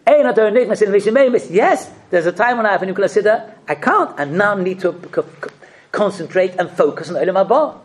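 A man giving a religious sermon, asking rhetorical questions and telling stories with expressive delivery. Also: sits high, fairly quick. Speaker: rabbi giving a talk.

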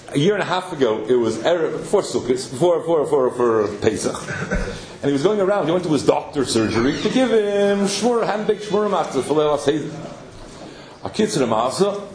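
A man telling a story as a sermon, animated, with many Yiddish and Hebrew terms in his English. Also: on the high side, reverberant.

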